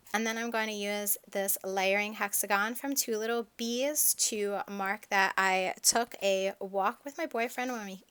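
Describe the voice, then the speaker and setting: A woman's voice: mid-range voice, sharp tone, smooth. A young woman narrating her planner video in a chatty, enthusiastic, rambling voice-over. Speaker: planner vlogger.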